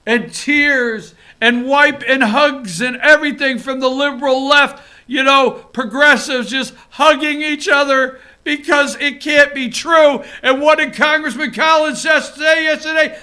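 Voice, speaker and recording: Male talk host, very high bright voice, brash animated ranting commentary. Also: a little slow, smooth. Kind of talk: opinionated political commentary. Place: office.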